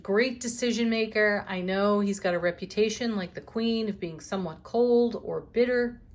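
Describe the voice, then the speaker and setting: A woman with a medium-pitched voice gives a daily tarot card reading. She speaks in an unhurried, affirming way, using spiritual phrasing and laughing softly.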